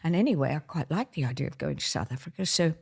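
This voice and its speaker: An older woman from Australia, telling lively stories of her dancing career as a podcast guest and laughing as she goes. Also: deep voice, fast, vocal fry, husky. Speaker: guest, former ballet soloist. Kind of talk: anecdotal storytelling in conversation.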